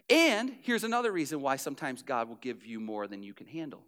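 A man preaching a sermon as pastor, repeating key phrases with emphasis and swinging between soft and loud delivery. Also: medium pitch, wildly swooping pitch, brisk, few pauses.

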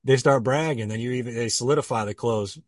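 A man's voice: mid-range voice, fast talker, no room sound, clean studio sound, distant mic. A man co-hosting a casual sales coaching chat, agreeing and building on his partner's points.

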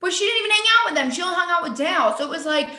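A woman's voice: extremely high pitch, expressive, racing, sharp tone, echoey room. A young woman co-hosting a podcast in casual chat, talking chattily with many "like" fillers. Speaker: podcast co-host.

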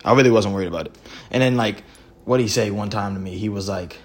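Man, podcast co-host, rapid casual storytelling, profane slang, animated. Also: on the low side. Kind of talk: casual chat.

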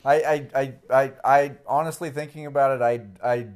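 A man's voice: mid-range voice, fairly even intonation. A man co-hosting a podcast in casual chat, often stumbling and repeating words. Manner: halting, repeats words while talking. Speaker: podcast co-host.

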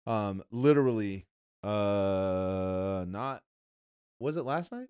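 A man's voice: on the low side, lively intonation, slow, darkish tone, clear, resonant tone, no room sound, studio quality. A young man hosting a podcast in casual chat, rambling and profane, calling people "bro" and "dude.". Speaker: podcast host.

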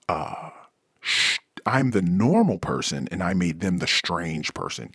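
The host speaks in a low, creaky voice with a breathy edge at a measured pace, in a dry, studio-quality recording. His casual podcast monologue is animated, with quoted people voiced out.

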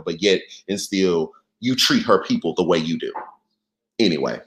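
A man hosting a live political podcast, reading and reacting to viewers in a lively, direct way. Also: low voice, moderate pace, reverberant, poor audio. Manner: animated, talks straight to viewers. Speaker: podcast host. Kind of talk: live-stream political commentary.

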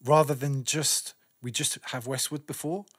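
A man from northwest London with a London accent, chatting casually as a guest DJ and sharing memories with slang and shout-outs. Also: medium pitch, steady tone, moderate pace, slightly rough. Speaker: guest DJ and radio presenter. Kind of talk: casual interview chat.

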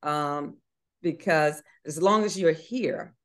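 A woman's voice: low-pitched, slow pace. A middle-aged woman recounts a personal faith testimony in an interview. She speaks earnestly, hesitating with fillers and restarts, and lifts her voice to act out the people in her story.

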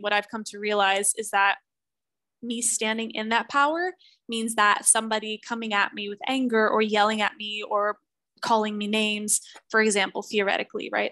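A woman's voice: medium pitch, a bit bright, no echo, poor audio. A woman in her thirties, a relationship coach speaking as a podcast guest, talking earnestly and with emphasis, and acting out the voices she quotes. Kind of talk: podcast interview conversation.

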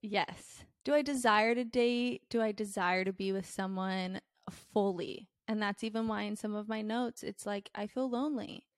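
A woman's voice: medium pitch, normal speed, hardly any pauses, no echo, clean studio sound. A young woman hosting a podcast, talking in a candid, blunt way with lots of fillers. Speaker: podcast host. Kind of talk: casual chat.

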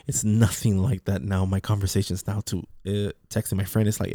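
Guy rambling casual, low mellow voice, keeps repeating himself, dry sound. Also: little pitch movement, a little fast, few pauses, dry recording. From Mexican heritage. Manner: rambling, repeats words, restarts often. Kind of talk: casual personal monologue.

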